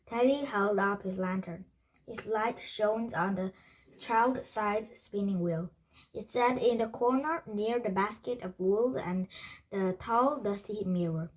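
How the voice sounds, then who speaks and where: A woman reading a children's chapter book aloud, halting with frequent restarts and slips. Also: medium pitch, poor audio. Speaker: storybook reader.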